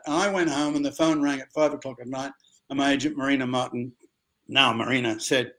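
An older man with an Australian accent, telling a lively anecdote at a convention and acting out the voices of others. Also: mid-range voice, fairly quick. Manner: lively storyteller who acts out other people's voices. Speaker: actor telling a story. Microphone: video call.

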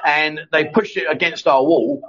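A man's voice: on the high side, fairly even intonation, moderate pace, a bit bright. A man hosting a casual live chat show, reading out viewer comments and joking with his co-host. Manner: jokey, banters with co-host, frequent restarts. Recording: dull lo-fi stream audio.

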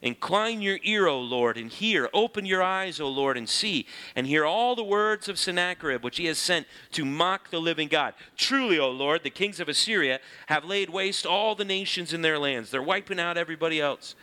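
A man teaching through a Bible passage in a lively, conversational way, reading scripture aloud and explaining it. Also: on the high side, moderate pace, hardly any pauses.

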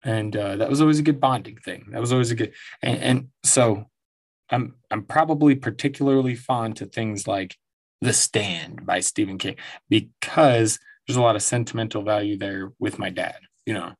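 Gravelly and on the low side, this man's voice moves at a normal speed. He's a forties-aged podcast host at home, casually telling stories in a rambling monologue laced with profanity and plenty of laughter.

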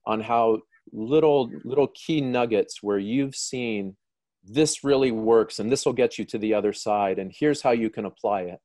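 A man hosting a live Christian broadcast, asking a guest measured questions and using many fillers. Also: medium pitch, mellow, no room sound, clean studio sound. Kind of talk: interview questions.

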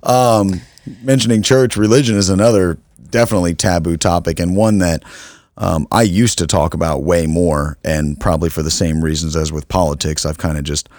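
A man's voice: sits low, steady tone, normal speed, darkish tone, no echo, clean studio sound. A young adult American man co-hosting a podcast, talking frankly and casually, swearing now and then. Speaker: podcast co-host. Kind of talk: casual chat.

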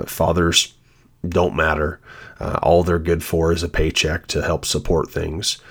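A man with a deep, low-pitched voice talks through scripture on his podcast. His delivery is earnest and reflective, moving into personal testimony with sincerity. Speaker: podcast host. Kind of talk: devotional podcast talk.

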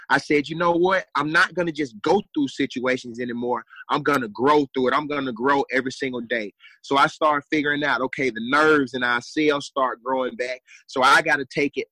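A man's voice: a little high, sharp tone, no echo, rough recording. A young adult man telling his story as a guest, earnest and repeating phrases for emphasis. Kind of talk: motivational storytelling.

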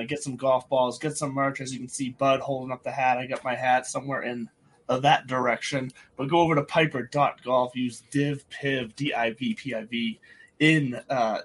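A man in his thirties hosting a casual golf podcast, talking in a rambling way with restarts and chuckles. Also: medium pitch. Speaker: podcast host. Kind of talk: casual chat.

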